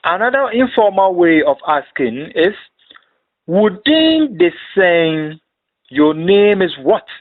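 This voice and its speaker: A man with a slightly high voice narrates a beginner language lesson at a very slow, careful pace. He reads each phrase, then repeats it for pronunciation. The sound is thin and tinny, like a phone line. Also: big pitch swings. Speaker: language teacher.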